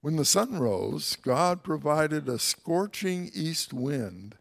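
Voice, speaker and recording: A man's voice: a little high, sing-song, takes it slowly, gravelly. A man teaching through a Bible passage in a conversational way, with wry, folksy asides.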